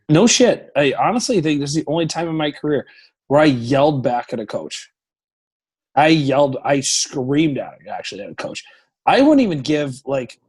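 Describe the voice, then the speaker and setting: Male guest, thirties, a hockey goalie telling stories, higher pitch, swears a lot, acts out the shouting, lively. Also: breathy edge. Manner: profane, animated storyteller who acts out shouting. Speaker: professional hockey goaltender, podcast guest. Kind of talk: casual storytelling interview.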